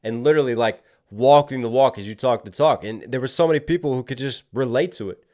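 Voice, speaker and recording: Man, rapper, reaction commentary, mid-pitched, analytical, emphatic, casual fillers. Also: fast, a little mellow. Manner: analytical, talks with lots of "like" fillers; gets emphatic when making a point.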